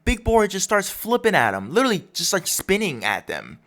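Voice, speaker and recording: Animated man recapping a manga chapter. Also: high-pitched, brisk. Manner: animated, rambling storytelling. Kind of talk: casual chapter breakdown.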